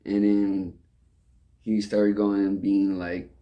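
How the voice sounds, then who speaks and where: A man's voice: fairly low pitch, completely flat delivery, slow pace, mellow. A young man who works in a restaurant, telling a rambling, repetitive story in casual talk. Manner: rambling, repeats "and all that stuff".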